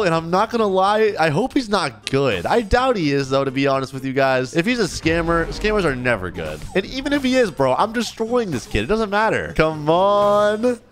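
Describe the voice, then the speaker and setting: A young man doing excited gameplay commentary as a gaming YouTuber, reading chat messages aloud and hyping himself up. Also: sits high. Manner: animated, reads chat messages aloud, hypes up.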